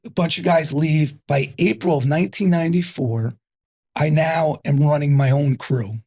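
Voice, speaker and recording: A husky-voiced man in his fifties from New Jersey, a guest on an interview show. He tells his story in an energetic, punchy way, driving points home with repeats. His voice sits a little high for a man. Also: moderate pace. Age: 50s.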